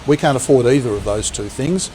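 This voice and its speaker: A man's voice: medium pitch, lively intonation, brisk, dark tone, poor audio. Man, senator, firm, stumbling now and then, faint background hum. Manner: firm, stumbling over words. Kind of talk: political interview clip.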